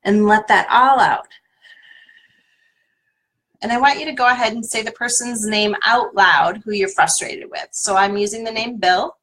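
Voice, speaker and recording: A woman's voice: mid-range voice, moderate pace, fairly bright tone. A woman leading a live tapping session as a coach, giving encouraging, step-by-step instructions to viewers. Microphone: livestream webcam.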